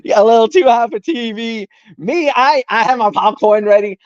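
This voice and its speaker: A woman co-hosting a podcast, recapping wrestling in casual chat, animated and chatty, often repeating words as she gets excited. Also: on the high side, fairly quick, dry recording, highs cut off. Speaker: podcast co-host.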